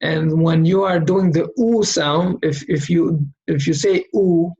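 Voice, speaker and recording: Gravelly slow-paced male reading teacher. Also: on the high side, fairly even intonation, a little mellow, muffled recording. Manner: patient, repeats single syllables slowly for the learner to copy. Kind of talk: slow recorded lesson drilling syllables.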